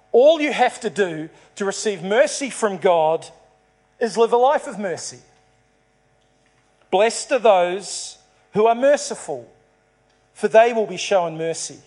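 A pastor preaches a sermon to his congregation, telling a parable as a story and acting out its dialogue. His voice is high-pitched with a darkish tone.

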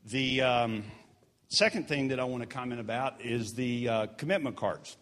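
A man's voice: mid-range voice, moderate pace, fairly bright tone. Earnest man giving church announcements. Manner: earnest, encouraging, chatty asides. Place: church sanctuary during a service.

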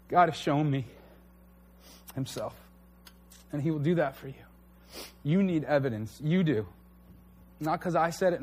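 A man's voice: a little high, a little mellow. A man preaching a conversational sermon to a church congregation, earnest and candid. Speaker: pastor.

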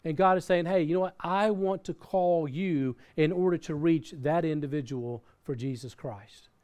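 A man's voice: a little high, normal speed, darkish tone. Earnest man preaching a sermon. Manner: earnest, repeats words and restarts, reads scripture aloud. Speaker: pastor. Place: church in Australia.

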